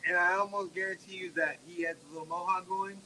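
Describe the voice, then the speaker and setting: A man's voice: high-pitched, fairly even intonation, fast talker, sharp tone, slight background noise, poor audio. A man in his forties from Texas, telling stories in casual, profane podcast chat at a restaurant. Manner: profane, rambling storyteller full of "like". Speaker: podcast host.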